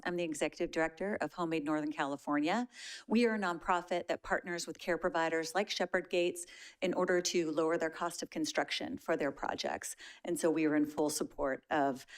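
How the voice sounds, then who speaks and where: Low-voiced nonprofit director lady giving a smooth formal comment. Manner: polished, fluent.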